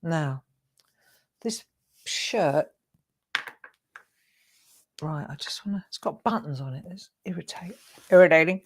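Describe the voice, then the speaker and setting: A woman's voice: sits low, slow, long pauses. A middle-aged woman hosting a live craft show, chatty, encouraging and self-deprecating as she demonstrates.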